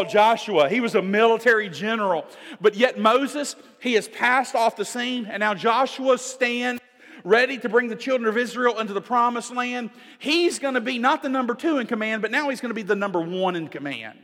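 A man's voice: extremely high pitch, fairly bright tone. A man preaching a sermon with emphasis, often turning to the congregation with direct questions. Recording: long reverb of a large hall.

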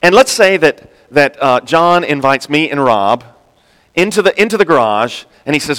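A man preaching a sermon, animated, acting out quoted speakers with sudden jumps in pitch and loudness. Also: normal speed. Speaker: pastor. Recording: long reverb in a large hall.

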